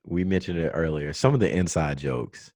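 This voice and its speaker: A man's voice: rumbling low, normal speed, a little mellow, dry recording, clean studio sound. A man hosting a casual group chat, joking and laughing often with his classmates. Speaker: podcast host.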